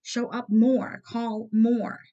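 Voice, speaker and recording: A woman's voice: a little high, flat delivery, slow, dark tone, muffled recording. A woman giving a casual tarot reading to her viewers, blunt and emphatic, swearing freely and repeating her points. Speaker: tarot reader.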